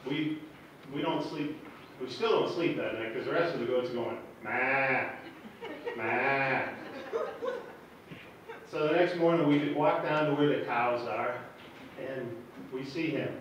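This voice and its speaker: Storyteller, male, 40s, slightly raised pitch, halting and nervous delivery, far from the mic in an echoey hall with noise. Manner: halting, nervous and chuckling between lines. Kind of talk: live personal storytelling on stage. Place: hall with a live audience. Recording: echoey room, distant mic, background noise.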